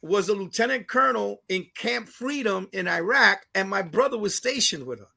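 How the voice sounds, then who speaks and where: A Puerto Rican man from New York with a New York Puerto Rican accent, a comedian telling stories in a casual interview, animated and profane, dropping Spanish phrases and acting out the people he quotes. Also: high voice, normal speed, vocal fry. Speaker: comedian and radio host, guest.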